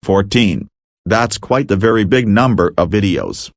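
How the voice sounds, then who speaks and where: Duncan, a low synthetic cartoon man in text-to-speech. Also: unhurried, dry recording, clean studio sound. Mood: friendly. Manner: steady computer reading.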